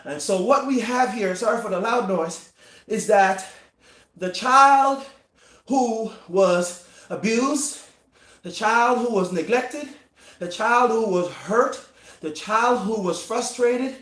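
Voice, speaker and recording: A man coaching in a live-streamed motivational talk, emphatic and repetitive, with dramatic pauses, riding an exercise bike. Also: sits high, fairly bright tone. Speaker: performance coach. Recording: roomy echo.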